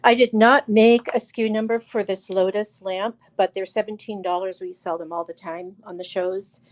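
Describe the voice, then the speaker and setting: A woman's voice: medium pitch, fairly even intonation, normal speed. Chatty woman hosting a live crystal sale. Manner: chatty, enthusiastic, frequent fillers and restarts; addresses viewers by name while showing stones. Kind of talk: live crystal sales show.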